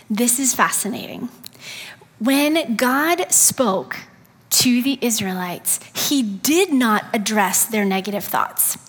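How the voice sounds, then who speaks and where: A woman preaching a sermon in an earnest way, acting out quoted complaints and dropping into soft asides. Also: fairly high pitch, expressive, slow, slightly rough. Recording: long hall reverb.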